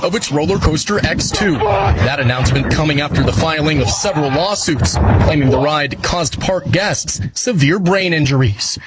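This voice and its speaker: A man reading a scripted news report with a measured, dramatic newsreader delivery. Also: a little high, heavy background noise.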